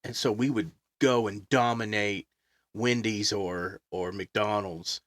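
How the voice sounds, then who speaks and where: Animated man telling band stories. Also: fairly low pitch, slow, dry recording. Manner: animated, acts out quotes, laughs often. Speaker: guest musician. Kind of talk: casual storytelling chat.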